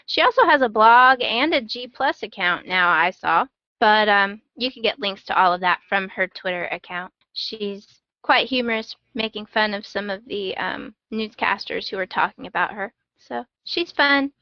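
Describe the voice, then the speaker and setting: A woman's voice: fairly high pitch, no room sound. A woman co-hosting a podcast, sharing a recommendation upbeat with dry humor. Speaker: podcast co-host. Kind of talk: casual chat. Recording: dull lo-fi, dry sound.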